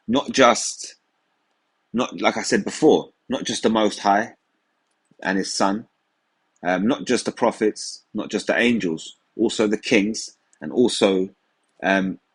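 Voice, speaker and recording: A man's voice: on the low side, breathy edge. A man giving an informal religious teaching in a conversational way, often saying "you know". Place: England.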